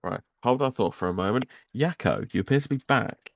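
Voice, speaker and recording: Gravelly low guy running a tabletop game, swoops around a lot, dry close mic. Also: lively intonation, a little fast, no echo. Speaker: game master.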